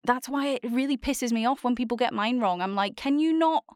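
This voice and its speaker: A woman's voice: on the high side, brisk, no room sound, clean studio sound. A woman with a Scottish accent chatting casually, teasing and laughing often. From Scotland. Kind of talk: casual chat.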